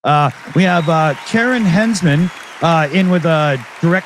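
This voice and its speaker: A man hosting a live roundtable stream, brisk and friendly as he reads donations. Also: fairly high pitch, a little hiss or hum. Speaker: host.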